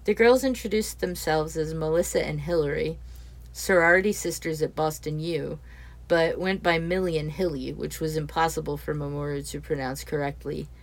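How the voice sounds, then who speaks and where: Low-voiced woman narrating a story. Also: steady tone, normal speed. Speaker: audiobook narrator.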